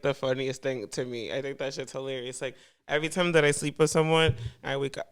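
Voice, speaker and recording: Co-hosting a podcast, a young man chats casually in a laid-back, slangy style and laughs a lot. His mid-range voice is clear, slightly bright, and resonant.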